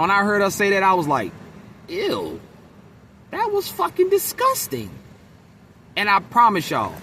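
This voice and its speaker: A man's voice: on the high side, sharp tone, a little hiss or hum. A man venting in a casual monologue to camera, blunt and profane, mimicking his coworkers. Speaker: vlogger.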